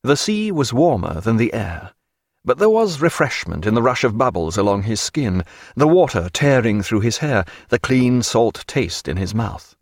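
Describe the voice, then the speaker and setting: A man reads a novel aloud in a measured, expressive way. His pitch moves a lot across each line. The recording is dry and close. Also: no echo. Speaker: narrator. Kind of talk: audiobook narration.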